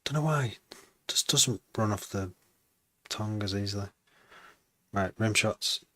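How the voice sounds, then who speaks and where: A man with a slight Wrexham accent chats casually to himself as he produces music. His voice sits very low. He muses aloud, breaks off mid-thought and restarts, and drops in wry, self-mocking asides. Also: a little slow, sharp tone. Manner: musing aloud, trailing off and restarting. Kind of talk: casual self-talk while making music.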